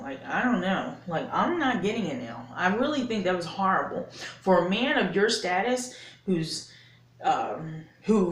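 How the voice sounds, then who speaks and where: A woman vlogger giving an indignant, emphatic opinion rant to camera, swearing and repeating herself for effect. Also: fairly low pitch. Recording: echoey room.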